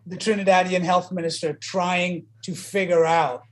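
A man co-hosting a comedy podcast, playful, quick to laugh and riff on jokes. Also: high-pitched, level tone. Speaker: podcast co-host.

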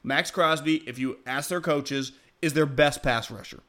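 A man co-hosting a sports talk show with a somewhat raised pitch, chatting casually and jumping into loud, excited riffs. His delivery is animated, and he keeps dropping back to an easy, conversational tone. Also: normal speed. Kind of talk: casual sports radio chat.

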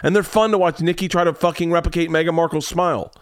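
A man's voice: on the high side, steady tone, no echo, studio quality. A man hosting a comedy podcast, rambling through celebrity news with lots of swearing. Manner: profane, rambling, quick asides. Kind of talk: casual comedy podcast rant.

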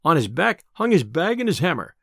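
Animated male storyteller. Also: a little high, brisk, creaky, no echo, clean studio sound. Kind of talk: scripted storybook narration.

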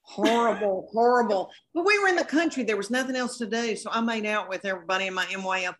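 A woman's voice: mid-range voice, fast, a bit bright. A woman chats as a podcast guest. Her talk is folksy and self-deprecating, full of long tangents. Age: 50s. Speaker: comedian guest. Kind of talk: casual podcast chat.

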